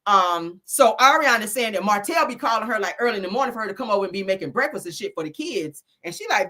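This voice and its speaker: A woman's voice: mid-range voice, animated, quick pace, hardly any pauses, sharp tone. A woman hosting a gossip commentary show in a sassy, profane, laughing manner, often mimicking people.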